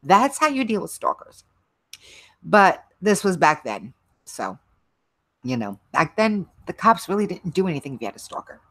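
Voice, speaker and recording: Low-voiced woman, chatty and rambling. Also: a bit bright, no echo. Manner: rambling, chatty, laughs often. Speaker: livestream host. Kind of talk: casual chat with live viewers.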